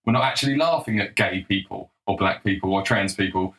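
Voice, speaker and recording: A man's voice: sits low, a little fast, fairly bright tone, low-quality recording. A man delivering a heated, scornful solo commentary and stressing his points hard. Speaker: political commentator.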